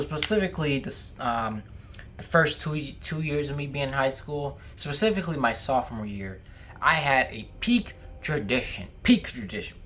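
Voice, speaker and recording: A man's voice: on the high side, bright, forceful tone. A young man vlogging casually to camera, talking while he eats, rambling with many fillers and restarts.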